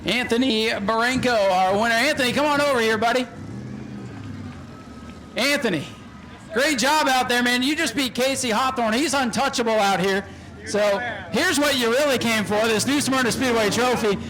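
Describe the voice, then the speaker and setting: Excited man, very high voice, shouting race calls at an outdoor speedway, noisy track behind. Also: moderate pace. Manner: excited shouting play-by-play, joking asides. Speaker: race announcer. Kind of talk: live race commentary and trackside interviews.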